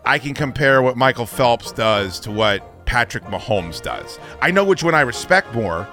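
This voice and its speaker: A middle-aged man hosting a talk radio show, chatting in a loose, rambling way and swearing freely. His pitch moves all over the place and his tone is bright and forceful. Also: moderate pace, soft background music. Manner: animated, profane, rambling.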